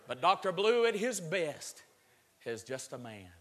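A man preaching with a high, bright voice that rings through a large church hall with long reverb. He drops to a low murmur, then builds to shouted, drawn-out lines. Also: very animated. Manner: stretches words for emphasis. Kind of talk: sermon.

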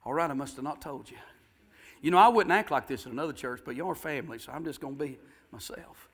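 A man preaching a sermon, telling a story in a folksy way and rising to fervent shouted exhortation. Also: fairly high pitch, fast talker, breathy edge. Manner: folksy, builds to shouting fervor.

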